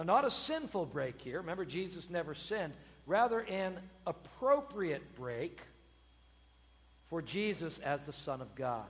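Male preacher, high lively voice, dramatic sermon in a big echoing church. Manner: expressive, acts out quoted voices with sudden loud bursts. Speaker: pastor.

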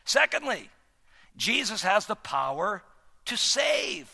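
A male pastor preaching a sermon, swinging between shouted emphasis and hushed, drawn-out words. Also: high-pitched, big pitch swings, gravelly, breathy edge. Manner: dramatic, swings from shouting to near-whispers. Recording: long hall reverb.

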